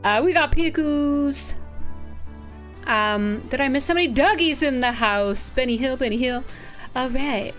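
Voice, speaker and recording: A bubbly woman streamer with a high voice, chatting at an unhurried pace. She greets her audience by name with excited gasps and laughs. Faint music plays behind her. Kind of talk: casual live-stream chat.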